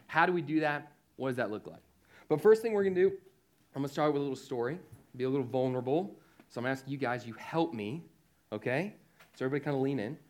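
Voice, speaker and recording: Man, youth speaker, sermon to teens, animated up-and-down delivery, fairly high voice. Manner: lively, often asks the audience "right?".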